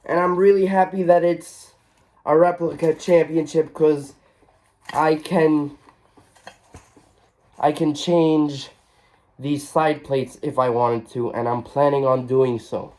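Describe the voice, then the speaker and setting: A man's voice: a little high, level tone, slow, pauses often, darkish tone. A man vlogging an emotional reflection, earnest and heartfelt, often repeating his phrases.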